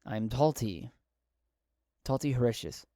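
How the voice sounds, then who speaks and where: Man doing composed wanted official, calm measured delivery, dry close sound, tabletop game. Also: mid-range voice, dry recording, natural voice.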